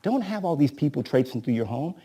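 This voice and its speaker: A man's voice: fairly high pitch, very animated, fairly quick, dark tone, breathy edge. A man coaching a live seminar audience, tossing in rhetorical questions and acting out his talks with sellers. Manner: rhetorical, keeps asking "right?"; acts out agent-seller dialogues. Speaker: real estate coach.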